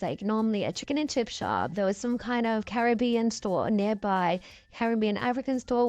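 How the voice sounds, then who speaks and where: A woman's voice: mid-range voice, a little mellow, dry recording. A chatty, rambling woman from the UK, speaking through a voice changer as she gives casual commentary over her game building.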